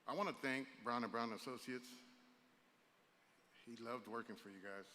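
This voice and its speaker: A man's voice: mid-range voice, moderate pace, pushed and bright. A man speaking as a father giving a eulogy at a funeral, telling stories in a conversational, anecdotal way. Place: church sanctuary. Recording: reverberant church hall with faint ambient noise.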